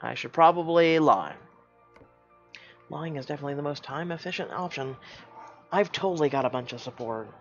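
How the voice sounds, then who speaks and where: A streamer reads a choice-driven story game aloud, dropping into dry, sarcastic side comments along the way. The recording is dull and lo-fi. Soft game music plays underneath. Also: mid-range voice, expressive, normal speed, pauses often. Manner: wry, sarcastic asides and laughter.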